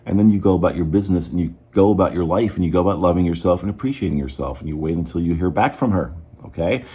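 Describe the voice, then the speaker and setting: A man coaching viewers on manifestation in an advice monologue, animated, checking in with "okay?" and acting out the quotes. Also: quick pace, slightly rough. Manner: animated, acts out quoted texts in a higher voice; repeats "okay?" to check in with listeners.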